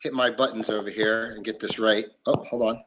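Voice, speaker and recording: A man's voice: lowish voice, little pitch movement, a little fast, background noise. A man from New Jersey with an American accent, a guest chatting casually on a video call, rambling and correcting himself. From New Jersey, near Philadelphia. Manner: rambling, self-correcting, chuckles. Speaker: guest, yoga teacher.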